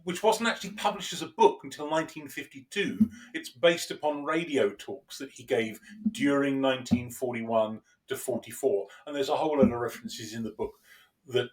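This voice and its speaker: A man talks through books in an easy conversational way, with a voice of medium pitch. He is animated and chuckles often, and he restarts his phrases as he searches for words. His delivery is that of a lecturer chatting with a co-host. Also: normal speed, distant mic. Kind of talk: conversational discussion.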